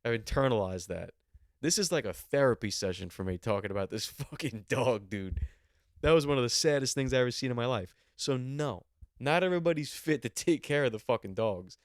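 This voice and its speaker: A man's voice: mid-range voice, no room sound, clean studio sound. A man in his twenties, a podcast host, telling rambling stories in a casual monologue and swearing freely. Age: 20s.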